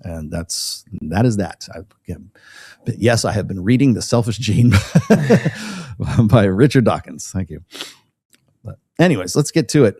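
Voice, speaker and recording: A man's voice: medium pitch, a little mellow, no echo, clean studio sound. A man hosting a casual commentary show, rambling with many restarts and laughing as he reacts to a video clip.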